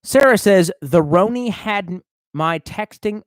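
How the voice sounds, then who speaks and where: A man's voice: high-pitched, lively intonation, unhurried, no echo. A tipsy man streaming live, reading out chat and rambling in a profane, off-the-cuff way. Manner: profane, rambling, swerving between mumbles and outbursts.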